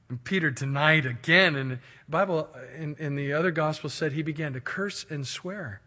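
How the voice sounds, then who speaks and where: A male pastor preaching a sermon in an animated way, swinging between loud and quiet. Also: on the high side, moderate pace, hardly any pauses.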